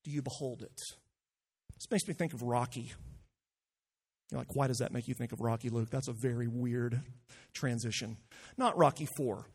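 A man's voice: mid-range voice, moderate pace, pauses often, husky. A male pastor delivering an earnest sermon, stumbling on frequent restarts and climbing to impassioned peaks.

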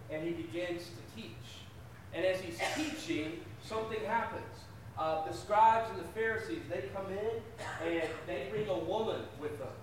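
A man's voice: high voice, a little hiss or hum. A man preaching a sermon at a church service into a microphone, talking conversationally, asking the congregation questions and often repeating his first words. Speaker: pastor. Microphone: handheld or stand microphone.

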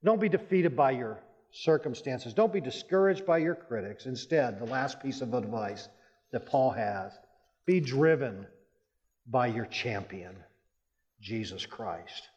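A man's voice: expressive, unhurried, a little mellow. A pastor giving a sermon, telling personal stories with emphatic rises in his voice. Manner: storytelling, emphatic rises in pitch. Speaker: Baptist pastor. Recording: muffled church hall with long reverb.

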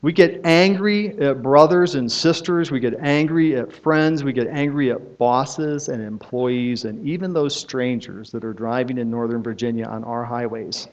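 A man's voice: medium pitch, moderate pace, hardly any pauses. Middle-aged pastor guy preaching, chatty storyteller, keeps checking in with the crowd, muffled old recording. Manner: conversational storytelling, frequent tag questions. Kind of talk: sermon. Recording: dull lo-fi sermon recording.

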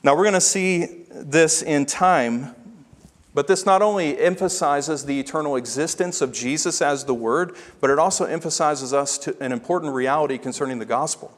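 A pastor delivers a sermon in a somewhat high voice. He preaches emphatically, slowing down to press home his key phrases. His words ring out with the long reverb of a large hall.

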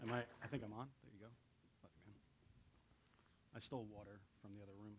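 A man's voice: lowish voice, steady tone, fast, background noise. A man preaching as a guest pastor in a church, casual and chatty with self-deprecating asides. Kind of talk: sermon. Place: church sanctuary.

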